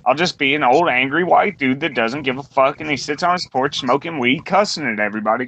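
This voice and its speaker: A man's voice: medium pitch, fairly quick, few pauses, sharp tone, a little hiss or hum. A man in his twenties ranting bluntly and profanely in a casual round-table talk. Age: 20s. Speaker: podcast co-host. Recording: dull lo-fi recording.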